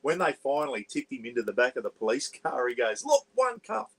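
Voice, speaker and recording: A man's voice: mid-range voice, fast, breathy edge, poor audio. Australian man, vlog host, rambling casual chat, caravan. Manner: rambling and chatty, often saying "bloody". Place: parked caravan.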